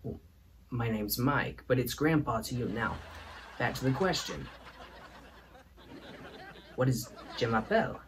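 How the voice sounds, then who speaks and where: A man's voice: mid-range voice, unhurried, long pauses, a bit bright, a faint crowd, a little hiss or hum, lightly acted. A man putting on the voice of his stern, insistent older grandfather.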